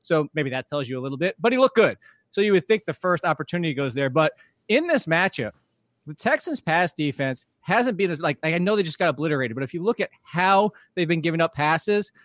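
A man calling in from home as a guest analyst, talking in a relaxed, conversational way. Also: on the high side, brisk, no room sound. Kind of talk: casual podcast chat, call-in.

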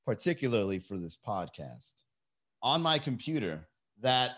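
A man hosting a comedy podcast, talking in a profane, animated, laughing monologue to a live chat. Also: fairly low pitch, a little slow. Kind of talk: casual comedy monologue on a livestream. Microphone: desk mic with mixer.

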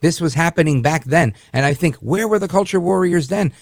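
A syndicated talk radio host, a man of Puerto Rican heritage who grew up in the northern US, delivers an indignant, rambling monologue full of restarts. His voice is somewhat high, fairly quick and creaky. The recording is dry and clean, studio quality.

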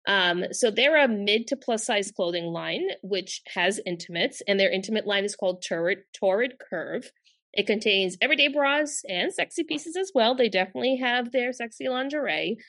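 A young woman in easy, casual conversation as a co-host. She rambles a little, with plenty of fillers, in a mid-pitched everyday voice. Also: expressive, moderate pace, a bit bright. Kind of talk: casual chat.

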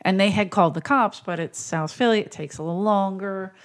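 A woman's voice: mid-range voice, fairly quick. A woman comedian with a Philadelphia accent, telling stories bluntly and with some profanity in casual podcast chat. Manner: animated storyteller, profane and blunt. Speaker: comedian guest.

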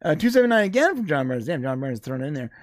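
A man's voice: a little high, big pitch swings, fast, no room sound. A man co-hosting a podcast in casual chat, laughing often and acting out quoted voices. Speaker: podcast co-host.

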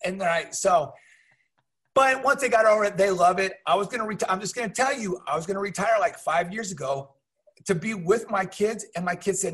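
A middle-aged man telling casual stories as an interview guest, animated and acting out other people's voices. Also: high voice, fairly quick, slightly rough. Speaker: guest, teacher and minor league mascot. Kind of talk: casual storytelling.

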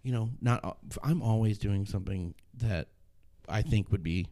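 A man's voice: lowish voice, normal speed, dark tone. A young adult man, a stand-up comedian, talking casually in a podcast chat, rambling and restarting his sentences, swearing now and then.

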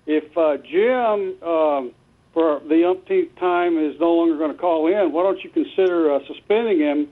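A man calls into a sports radio show and talks casually, a little haltingly. His voice is high. The phone line sounds thin and tinny. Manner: casual, hesitant with fillers. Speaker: caller. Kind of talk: phone-in call.

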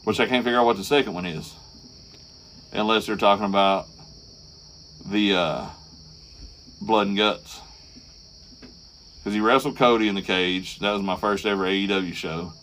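A man co-hosting a podcast, recapping wrestling in casual, profane, animated chat. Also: fairly low pitch, moderate pace, pauses often, slight background noise. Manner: profane, animated storytelling with acted quotes. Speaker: podcast co-host.

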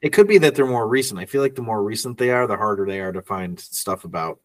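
A man's voice: lowish voice, animated, quick pace, distant mic. A man co-hosting a casual film podcast, reading out trivia notes and laughing often. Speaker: podcast co-host.

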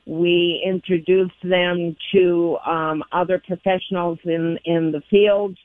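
A woman's voice: fairly low pitch, level tone, slow pace, no echo. A woman calling in to a radio show by phone, explaining a youth dog program steadily with many ums. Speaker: phone-in guest from a dog breeders' group. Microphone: telephone. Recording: tinny phone line.

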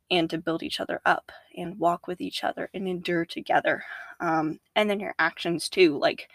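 A young woman, a podcast guest, talking casually about faith, animated, laughing often and acting out her own inner voices. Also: on the low side, dry recording.

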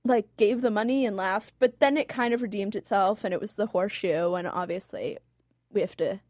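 A woman's voice: mid-range voice, a little fast, dry recording, studio quality. A young woman co-hosting a casual chat, talking animatedly and filling her sentences with "like". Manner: chatty, lots of "like", animated storytelling. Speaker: co-host.

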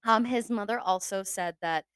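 A young woman hosts a casual true-crime podcast, chatty and swearing freely, with plenty of filler words. Her mid-range voice moves at a moderate pace over a loud crowd.

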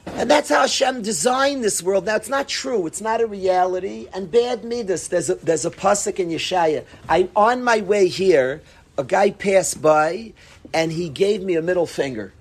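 A middle-aged man, a rabbi, giving an animated, conversational Torah talk to an audience, mixing in Yiddish and Hebrew words. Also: high voice, normal speed, husky.

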